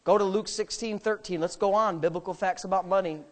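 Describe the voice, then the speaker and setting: A man preaching a sermon as pastor, emphatic and full of rhetorical questions, swinging from quiet asides to shouting. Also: sits high, fairly even intonation, brisk.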